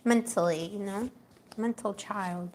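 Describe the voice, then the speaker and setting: A woman's voice: medium pitch, unhurried, a little mellow, slight background noise. A young woman doing a live tarot reading in a casual, chatty way, laughing often and talking with lots of fillers. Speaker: tarot reader.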